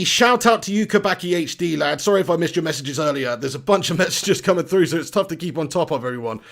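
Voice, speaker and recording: Gravelly, upbeat live-stream host. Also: male voice, high voice, fairly quick. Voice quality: energetic, chatty, reads viewer comments aloud. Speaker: football fan channel host.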